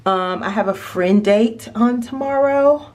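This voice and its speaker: A woman's voice: mid-range voice, a little slow, darkish tone. Chatty woman vlogging in an echoey room. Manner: chatty, talks straight to viewers. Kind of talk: casual vlog chat. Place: at home. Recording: echoey room, camera at a distance.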